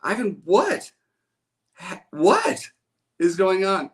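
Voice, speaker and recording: A man putting on a shrill, flustered female schoolteacher, her voice pushed up high and strained as she begs a child to settle down. Her pleading climbs to the top of her range. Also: very animated, drawn-out words, a bit bright, exaggerated voice. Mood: bewildered.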